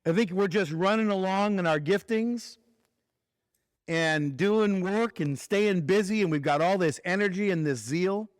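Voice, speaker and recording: A man speaking at a ministry conference, telling a personal story in a conversational sermon and dropping his voice low for the serious points. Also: a little slow, no echo, clean studio sound.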